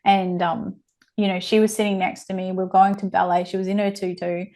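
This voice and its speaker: A woman's voice: medium pitch, level tone, fairly quick, dark tone. A woman in her forties, a guest on a podcast interview, telling stories frankly and with animation. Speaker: guest, child abuse prevention educator.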